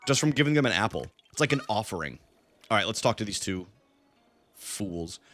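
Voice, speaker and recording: A man's voice: lowish voice, expressive, fairly quick, fairly bright tone, no room sound, soft background music. A young man casually commenting on a game he is live-streaming, greeting viewers in chat by name and using lots of fillers.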